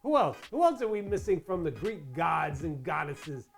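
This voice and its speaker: A chatty host narrates a crafting tutorial in voice-over at an ordinary middle pitch, sounding playful, sing-song and slightly gravelly at a moderate pace. Asides and rhetorical questions are aimed at viewers while soft music plays quietly underneath.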